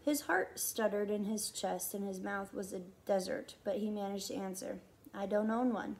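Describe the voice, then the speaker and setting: A woman reading a novel aloud in steady, expressive storytelling narration. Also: medium pitch, normal speed, gravelly, a little hiss or hum. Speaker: audiobook reader.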